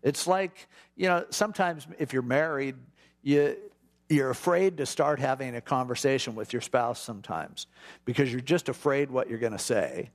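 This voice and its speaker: Middle-aged guy preaching casual, bit gravelly, acts out little prayers as he goes. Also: medium pitch. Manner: informal, acts out prayers in quick asides. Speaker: pastor. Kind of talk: conversational Bible teaching.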